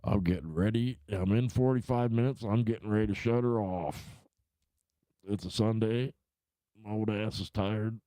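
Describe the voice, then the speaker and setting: A middle-aged man talks to his livestream viewers in a low, warm voice, heavy with swearing and restarts. He rambles and gets worked up when he complains. The sound is dry and close, with almost no room echo. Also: normal speed. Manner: profane, rambling, worked-up ranting. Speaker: livestream host. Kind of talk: casual rant and chat to viewers. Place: home room.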